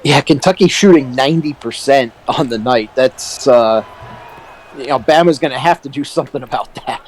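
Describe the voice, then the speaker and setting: A man giving relaxed color commentary on a basketball game, with frequent filler words. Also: medium pitch, normal speed, a little hiss or hum, low-quality recording.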